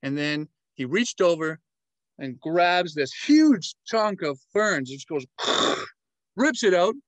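Animated man telling animal stories. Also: fairly high pitch, measured pace, no room sound, rough recording. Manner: animated, acts out animal movements and sounds. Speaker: travel vlogger and storyteller. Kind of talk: casual storytelling with animal sound imitations.

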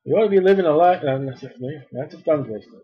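A man preaching a sermon, reading scripture slowly and then speaking emphatically. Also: fairly high pitch, breathy edge, dull audio.

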